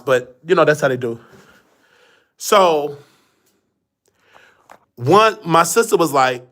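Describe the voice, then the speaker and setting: A man's voice: a little high, moderate pace, pauses often, fairly bright tone. A man hosting a live show, telling a rambling, repetitive story in casual chat. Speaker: host. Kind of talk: casual livestream monologue.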